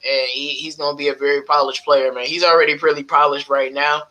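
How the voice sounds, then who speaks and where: A man with a very bright, ringing voice and a somewhat high pitch, co-hosting a casual basketball talk show. He gets animated and excitable, laughing often as he talks. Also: brisk, low-quality recording. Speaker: podcast co-host.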